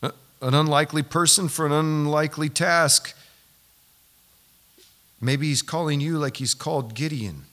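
A man preaching a sermon as pastor, animated and building to loud, emphatic peaks. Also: on the high side, normal speed, pauses often. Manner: repeats himself when excited.

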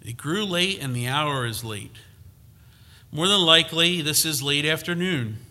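Man, sermon, bright ringing voice, fairly high, conversational preaching, emphatic peaks. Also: lively intonation, measured pace.

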